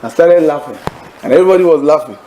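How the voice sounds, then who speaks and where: A man preaching to a Bible study class, telling stories in an animated way, acting out laughter and asking the audience leading questions. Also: fairly high pitch, fast talker, a little hiss or hum, rough recording. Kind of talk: sermon-style teaching to a congregation.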